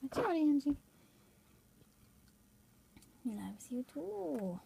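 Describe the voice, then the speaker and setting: A woman filming at home on a handheld camera, coaxing her cat in a high sing-song pet voice. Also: very animated, drawn-out words, vocal fry, noisy background. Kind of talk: home video, talking to a pet.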